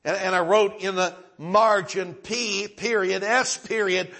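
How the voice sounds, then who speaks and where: A middle-aged male preacher spins a folksy sermon story with a husky, slightly high voice. He restarts and doubles his words as he builds toward a point. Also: fairly even intonation, a little slow, bright, forceful tone.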